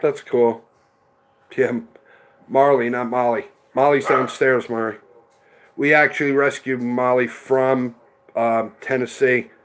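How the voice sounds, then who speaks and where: A man's voice: mid-range voice, little pitch movement, slow pace, pauses often, background noise. A middle-aged man hosting a casual livestream, chatting rambly and answering viewers by name. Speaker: livestream host reading chat.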